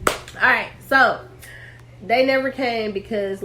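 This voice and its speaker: A woman's voice: high-pitched, expressive, a little slow, pushed and bright. A woman hosting a casual podcast who rambles and corrects herself, joking while holding back tears. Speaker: podcast host.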